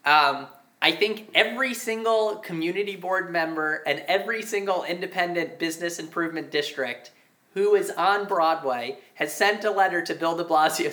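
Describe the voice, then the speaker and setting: A man's voice: a little high, bright, forceful tone, reverberant. Ranting, exasperated male podcast co-host. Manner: ranting, exasperated, fast-talking. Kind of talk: casual podcast chat.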